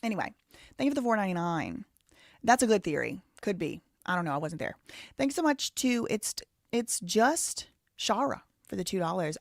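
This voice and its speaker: A woman's voice: medium pitch, big pitch swings, normal speed, gravelly, dry recording. Southern American woman, live-stream host, casual chatter, dry close sound. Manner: chatty, thinks aloud, reads viewer messages. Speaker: live show host reading donations.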